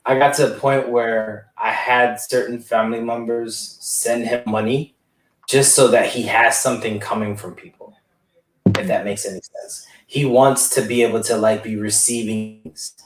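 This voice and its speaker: A man's voice: mid-range voice, steady tone, moderate pace. Man on a roomy, distant podcast mic. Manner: rambling, conversational, asks the others questions. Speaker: podcast co-host caring for his father. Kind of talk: casual podcast discussion.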